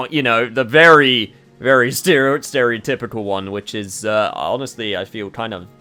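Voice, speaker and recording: A man's voice: medium pitch, normal speed, sharp tone, faint music behind. A young man giving rambling, self-deprecating commentary over a game, laughing at his own slips. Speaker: game streamer. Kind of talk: let's play commentary.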